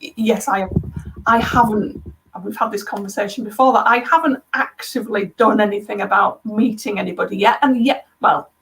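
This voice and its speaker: A woman's voice: mid-range voice, brisk, fairly bright tone, low-quality recording. A woman guest talking casually with light, laughing asides on a video call. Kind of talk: casual conversation.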